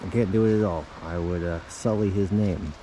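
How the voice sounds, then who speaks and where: A man spins a deadpan comic tall tale in an unhurried, low voice. His tone is mellow and dark, and he halts and restarts phrases as he rambles on. Faint noise sits under his voice. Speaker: storyteller.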